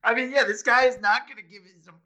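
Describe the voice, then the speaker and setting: A man's voice: very high-pitched, steady tone, quick pace, bright, forceful tone. A man co-hosting a casual chat, recapping a TV episode, laughing often and restarting his sentences. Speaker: podcast co-host.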